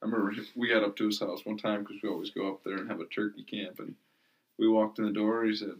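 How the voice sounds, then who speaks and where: A man co-hosting a podcast, telling stories in a relaxed way with casual swearing. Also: fairly low pitch, quick pace. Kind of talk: casual chat.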